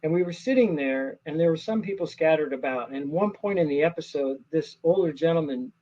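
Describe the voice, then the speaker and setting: Husky man, animated and earnest. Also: fairly high pitch, brisk, lo-fi sound. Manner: earnest, animated storyteller with many restarts. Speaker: actor, interview guest. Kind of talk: casual interview chat.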